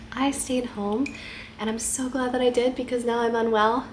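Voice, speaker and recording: Congested woman chatting softly at home. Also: mid-range voice, gravelly, slight background noise. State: congested from a head cold. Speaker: vlogger. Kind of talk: casual chat to camera.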